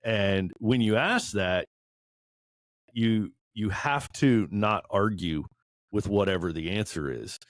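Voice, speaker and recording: Brief: low-voiced man in his forties, earnest and candid, dry close recording, self-deprecating storyteller. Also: slow pace, no room sound. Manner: earnest, self-deprecating, laughs while telling stories. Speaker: podcast panelist. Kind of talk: candid group discussion.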